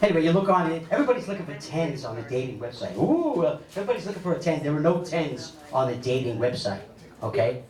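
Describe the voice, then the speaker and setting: A man, doing a stand-up comedy set on a club stage with animated storytelling and big pitch swings for punchlines. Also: quick pace. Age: 50s. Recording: echoey club audio, mic a bit distant, loud crowd laughter.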